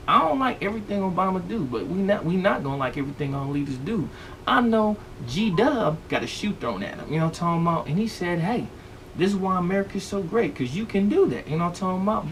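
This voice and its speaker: A man with a high, gravelly voice that swings widely up and down, rambling through a comedic news rant full of slang. He sits back from the mic, and faint noise hangs behind him. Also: very animated, fast talker, fairly bright tone, far from the mic. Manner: rambling, slangy, keeps asking "you know what I'm talking about". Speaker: vlog host.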